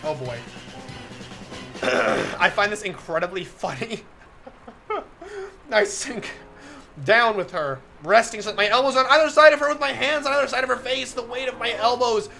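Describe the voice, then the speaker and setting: A man's voice: very high-pitched, expressive, normal speed, creaky, bright, forceful tone, soft background music. A man on a live stream reading a visual novel aloud, getting flustered, laughing often and breaking off to comment to his chat.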